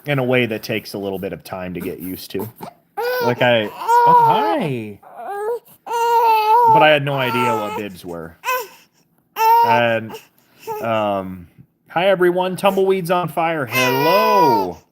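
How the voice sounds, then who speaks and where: A woman's voice: very deep voice, animated, unhurried, very noisy. A woman from southern Missouri with a Southern accent, hosting a casual live stream, chatting with viewers and reading their comments aloud. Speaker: livestream host.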